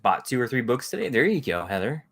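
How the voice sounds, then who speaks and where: A man's voice: mid-range voice, sing-song, fast, gravelly, fairly bright tone. A man hosting a casual livestream, chatting with viewers in a rambling way and greeting them by name. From Texas. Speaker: livestream host. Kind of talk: casual live chat with viewers.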